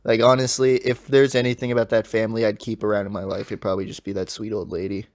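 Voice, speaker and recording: A man's voice: fairly low pitch, little pitch movement, fast. A young man, a podcast co-host, telling a long story in casual chat, rambling and swearing a lot.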